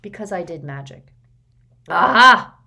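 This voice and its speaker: Loud, bullying middle-aged man, read by a woman, roaring and blustering in a storybook. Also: fairly low pitch, very animated, normal speed, slightly rough. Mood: furious.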